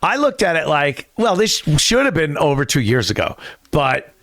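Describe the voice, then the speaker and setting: A man's voice: fairly high pitch, wildly swooping pitch, moderate pace, fairly bright tone, dry recording. A man as a studio guest in casual podcast chat, rambling, laughing at his own jabs and mimicking others.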